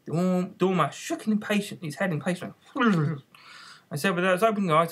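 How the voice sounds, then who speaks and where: A narrator reading a children's classic aloud in plain, halting storytelling, in an amateur audiobook. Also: mid-range voice, fairly bright tone, husky.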